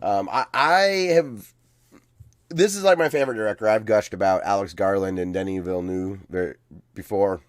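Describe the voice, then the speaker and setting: A laid-back man co-hosts a podcast and answers with dry teasing. His voice sits low. The sound is close to the mic and dry. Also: normal speed, no echo. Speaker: podcast co-host. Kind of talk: casual chat.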